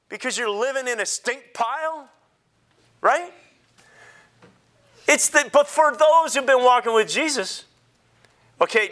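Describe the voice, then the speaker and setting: Bright high-voiced man preaching. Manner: animated, jokes and laughs with the congregation. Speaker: pastor. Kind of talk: sermon.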